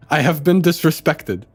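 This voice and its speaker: A male streamer reacting to a game, excitable and amped up, swearing and stumbling over his words. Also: fairly high pitch.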